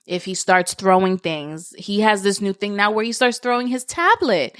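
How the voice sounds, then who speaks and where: A young woman hosts her own podcast, talking casually and earnestly about parenting. Her voice is smooth and clear, recorded close and dry with no room sound. She grows animated when recounting stories. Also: medium pitch, moderate pace, hardly any pauses, no echo. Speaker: podcast host. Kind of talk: casual solo podcast talk.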